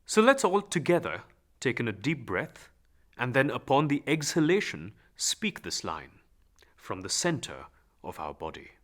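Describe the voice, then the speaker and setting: A man teaching a calm, guided voice lesson, giving instructions and demonstrating practice lines aloud. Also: medium pitch, unhurried. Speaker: voice and speech teacher.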